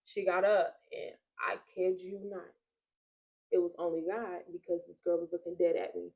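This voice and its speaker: A woman's voice: fairly low pitch, moderate pace, vocal fry, lo-fi sound. A young woman hosting a faith podcast, telling a personal story in casual chat and acting out the quotes. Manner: animated storyteller, acts out quotes. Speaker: podcast host.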